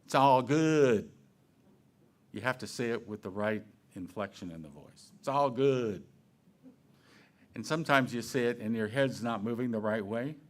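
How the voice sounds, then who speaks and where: A man's voice: on the low side, fairly quick, few pauses. A man giving a sermon to his congregation in a conversational, playful way, asking questions and acting out quoted phrases. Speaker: minister. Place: church sanctuary.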